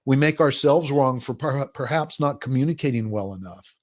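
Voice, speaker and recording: A man's voice: medium pitch, normal speed. Man explaining at length in an interview. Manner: explains at length, acts out quoted people in a livelier voice. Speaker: guest. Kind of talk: conversational podcast interview.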